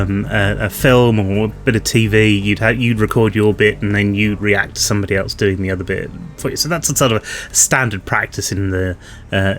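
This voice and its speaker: A man's voice: on the low side, fairly bright tone. A man hosting a casual behind-the-scenes chat with a cast, jokey and rambling.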